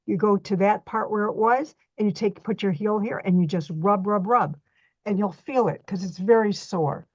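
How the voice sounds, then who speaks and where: A woman's voice: medium pitch, moderate pace, no echo, lo-fi sound. A middle-aged woman teaching a hands-on reflexology workshop, chatty and folksy as she demonstrates on a model foot.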